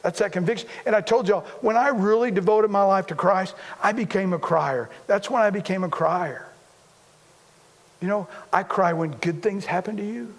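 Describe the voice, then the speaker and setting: A man's voice: high-pitched, moderate pace, big-room sound. A man preaching a sermon as a pastor, talking conversationally, repeating himself and poking fun at himself. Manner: conversational, repetitive, self-deprecating humor.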